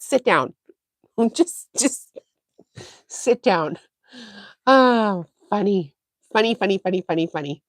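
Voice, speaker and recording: A woman's voice: mid-range voice, no room sound, studio quality. Chatty woman telling stories on a sewing livestream. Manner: chatty storyteller with frequent fillers; animated, acts out quoted dialogue. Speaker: sewing channel host. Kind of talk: casual livestream chat.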